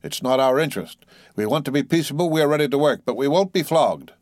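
A man's voice: mid-range voice, lively intonation, fast talker, darkish tone, no room sound, studio quality, pitched above the performer's own voice, natural voice. A man voicing a defiant mutinous sailor. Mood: firm. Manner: bold, challenging, rough sailor talk. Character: defiant rough male sailor, mutiny ringleader.

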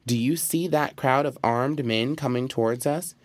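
A man's voice: mid-range voice, normal speed, no echo, close to an everyday voice. A man voicing a sly, clever male fox who schemes with urgent, persuasive words. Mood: urgent scheming.

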